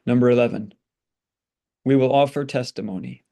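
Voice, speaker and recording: A man of middle pitch teaching a Latin lesson. He reads example sentences, translates them and breaks words into syllables in a patient, explanatory way. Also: steady tone, moderate pace, a little mellow.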